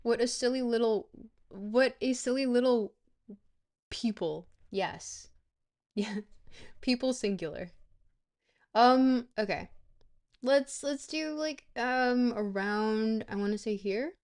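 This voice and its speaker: A woman's voice: a little high, slow pace, pauses often. Rambling, playful young woman streamer. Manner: rambling and playful, with sudden excited squeals. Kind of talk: live-stream game commentary.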